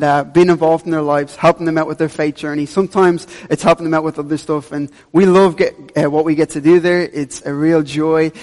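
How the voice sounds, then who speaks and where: A young man, a youth pastor, preaching a sermon in a church, earnest and repeating key phrases for emphasis. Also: fairly high pitch. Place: church hall. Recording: long hall reverb.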